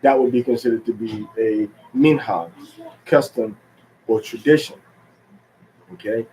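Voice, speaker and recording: A man teaching a religious lesson in an unhurried, halting way, with many fillers and restarts, drawing out the words he stresses. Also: mid-range voice, warm tone, poor audio. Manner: drawn-out stress on key words. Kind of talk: teaching talk.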